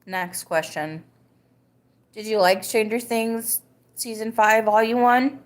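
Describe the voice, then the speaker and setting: A woman's voice: a little high, takes it slowly. A woman in her thirties from the United States, hosting a live podcast stream in a self-mocking, rambling, tipsy chat. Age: 30s. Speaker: podcast host.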